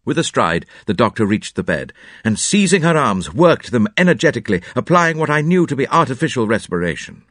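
A man narrating a classic detective story with an expressive, varied delivery. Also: medium pitch, a little fast, hardly any pauses, dry recording, clean studio sound. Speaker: audiobook narrator.

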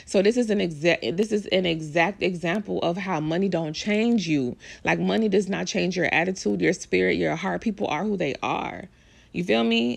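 Gravelly-voiced woman ranting about gossip. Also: mid-range voice, a little fast. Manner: blunt, profane, emphatic ranting. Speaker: vlogger commenting on celebrity news. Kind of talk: casual celebrity gossip commentary.

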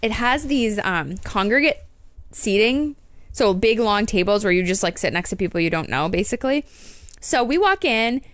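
A woman co-hosting a podcast tells a story in casual chat, animated and acting out the people she quotes. Her mid-range voice moves at normal speed, and the recording is dry.

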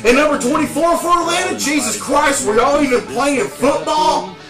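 A man's voice: extremely high pitch, animated, normal speed. A man, a vlogger delivering a profane, taunting trash-talk rant as a football fan. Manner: taunting, crude, heated. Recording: roomy echo with faint music.

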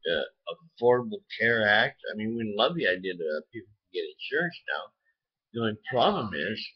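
A man's voice: medium pitch, breathy edge, highs cut off. A man ranting to the camera from his home, heated and rambling, swearing often. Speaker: vlogger. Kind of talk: angry political rant to camera.

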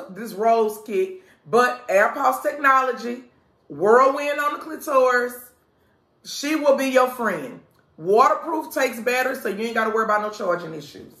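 A woman's voice: on the high side, a bit bright. Sassy woman host in an echoey room. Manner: sassy, frank, addresses listeners as sis and y'all. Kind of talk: casual vlog talk, reading a customer review aloud.

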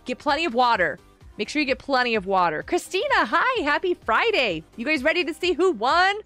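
A woman's voice: high voice, very animated, fairly quick, sharp tone, faint music behind. A woman hosting a live game stream, bubbly and gushing as she greets viewers in chat by name.

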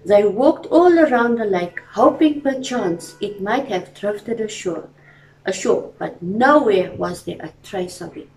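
Woman reading kids' story in church, slow, echoey and distant. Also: medium pitch, animated. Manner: gentle, addresses children directly. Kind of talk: reading a children's story aloud.

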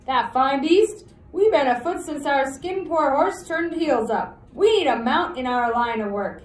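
A woman reading as a huge, gruff outlaw. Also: high voice, animated, measured pace, echoey room, pitched above the performer's own voice. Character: huge rough male outlaw, gruff and menacing.

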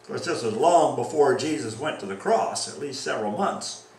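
A man preaching a sermon as pastor, reading scripture aloud and acting out the quoted lines with animated delivery. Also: mid-range voice, normal speed, echoey room, recorded from a distance, low-quality recording.

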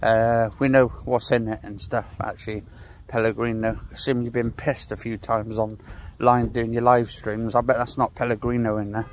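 A man's voice: mid-range voice, little pitch movement, moderate pace. A man rambling and ranting sarcastically while he walks outdoors, swearing and sighing as he talks. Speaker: vlogger. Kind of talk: casual ranting walking vlog. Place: outdoors on a walk.

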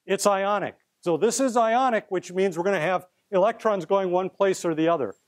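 Middle-aged male chemistry professor with a high voice, playful and theatrical, lecturing a live class. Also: normal speed. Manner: playful, theatrical, coaxing students up as volunteers.

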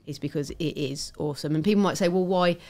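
A woman's voice: deep voice, quick pace, a little mellow. A woman talking as a podcast guest, chatty and enthusiastic. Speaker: guest tradeswoman. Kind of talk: casual podcast chat.

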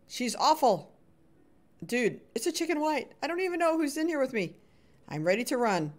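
A woman's voice: a little high, very animated, moderate pace, fairly bright tone. A woman livestreaming a video game, chatting with viewers, laughing often and calling them sweetheart and buddy. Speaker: gaming livestreamer. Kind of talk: live game commentary and chat.

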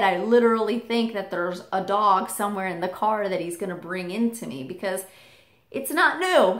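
A woman from England, a vlogger telling a childhood story in an animated way, leaping up high when she quotes her child self. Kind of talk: personal storytelling. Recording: roomy echo.

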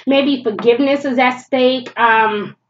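Woman, fairly high voice, casual blunt tarot reader, stuffy nose, slightly dull recording. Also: steady tone, a little slow. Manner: chatty, blunt, swears freely, laughs often. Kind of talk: casual tarot reading to camera.

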